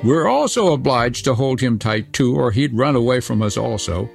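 A man voicing a fierce, bossy little robber girl who speaks in a brisk, commanding way. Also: mid-range voice, animated, gravelly, soft background music, pitched above the performer's own voice.

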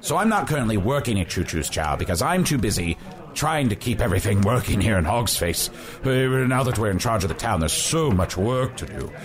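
Pompous old wizard played by a man, low voice, archaic florid delivery. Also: sing-song, fairly quick. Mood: curious.

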